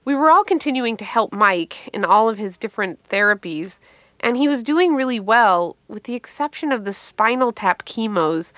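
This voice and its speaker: Answering interview questions, this middle-aged comic spins a wry, lively tale from her life. She speaks at a medium pitch with no room sound in the audio.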